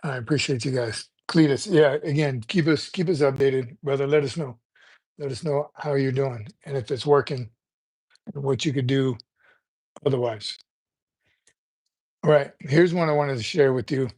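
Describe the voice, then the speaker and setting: A man's voice: medium pitch, normal speed, long pauses, darkish tone, husky. Rambling retired military man chatting live. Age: older. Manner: rambling, conversational, repeats words while thinking. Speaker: livestream host. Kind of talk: casual livestream chat.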